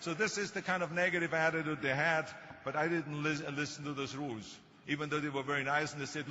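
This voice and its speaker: A man's voice: a little high, steady tone, fast talker, hardly any pauses, sharp tone, a little hiss or hum. Older man, thick Austrian German accent. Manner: storytelling with humor. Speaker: speaker. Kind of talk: motivational speech. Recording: muffled hall recording.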